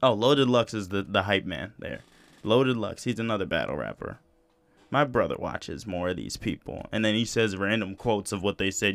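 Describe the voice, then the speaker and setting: A man's voice: fairly low pitch, expressive, normal speed, fairly bright tone, no echo. A man hosting a podcast in casual chat, swearing freely and repeating himself as he rambles. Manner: profane, rambling, repeats phrases. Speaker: podcast host.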